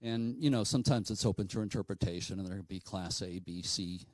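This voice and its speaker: A man's voice: deep voice, brisk, darkish tone, dry recording, low-quality recording. A man from New telling a ghost story to an audience in a conversational way, with frequent fillers and asides. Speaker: paranormal speaker.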